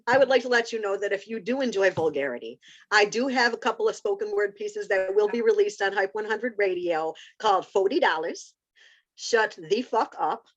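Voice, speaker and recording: A woman guest on a podcast, chatting casually and telling animated stories with frequent restarts. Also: medium pitch, a little fast, highs cut off. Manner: animated storytelling with repeated restarts. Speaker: podcast guest, spoken word writer.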